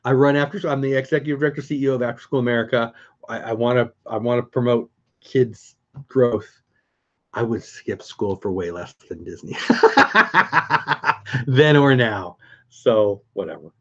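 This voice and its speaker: A man's voice: mid-range voice, normal speed, lo-fi sound. A middle-aged man hosting a casual live stream, chatting upbeat with viewers and answering their comments.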